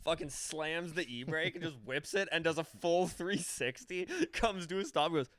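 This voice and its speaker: A young man co-hosting a podcast, telling animated stories in casual chat, swearing freely and acting out his friends' voices. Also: fairly high pitch, normal speed, hardly any pauses, no room sound. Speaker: podcast co-host.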